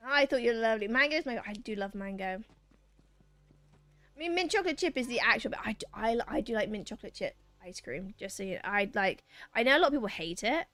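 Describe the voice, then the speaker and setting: A woman's voice: on the high side, expressive, fast, a bit bright, no room sound. A woman streaming a video game who chats playfully with her viewers, reading their messages aloud and bantering back. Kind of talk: casual chat with a live chat while gaming. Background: faint game music.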